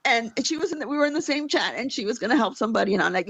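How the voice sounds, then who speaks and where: Woman, animated storyteller who mimics voices, high-ish, close dry sound. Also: very fast, creaky, few pauses, breathy edge, no echo. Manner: animated, acts out quotes of herself and others. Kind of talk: casual storytelling in a played clip.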